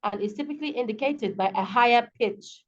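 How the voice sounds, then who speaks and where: A woman's voice: a little high, a little fast, muffled recording. Nigerian woman teaching over video call. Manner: explains patiently, checks understanding with questions. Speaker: English teacher. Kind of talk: online tutorial lesson.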